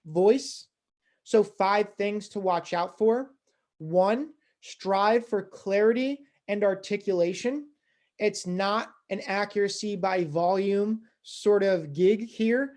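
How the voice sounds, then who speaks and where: Fundraising teacher talking through a lesson, loose and chatty, lots of "you know", speeds up and gets loud when fired up. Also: medium pitch. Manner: conversational, many "you know" fillers; gets louder and faster when excited. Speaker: fundraising instructor. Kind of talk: conversational online lecture.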